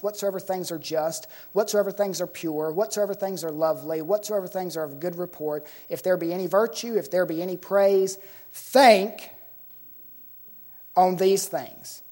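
A woman preaching a sermon, asking the congregation questions and slowing down to stress key words. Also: fairly low pitch, dark tone.

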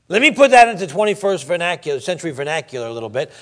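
High-voiced preacher man, emphatic. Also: animated. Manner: reads scripture slowly, preaches with emphatic swings in volume. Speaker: pastor. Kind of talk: sermon. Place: church.

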